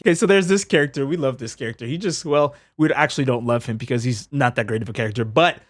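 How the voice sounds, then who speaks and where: A man casually narrating highlights from his game stream, upbeat and chatty, laughing as he explains. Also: fast. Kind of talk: casual commentary over stream clips.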